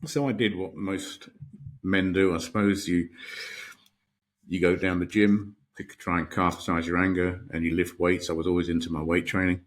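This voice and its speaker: British man, middle-aged, podcast guest, very low pitch, husky, reflective storytelling. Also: level tone, moderate pace. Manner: reflective, anecdotal, many restarts.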